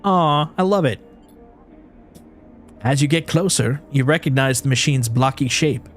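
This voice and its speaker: A streamer reads a narrative game aloud in an even, mid-pitched man's voice. He narrates with expression and drops into playful asides between passages. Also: unhurried, soft background music.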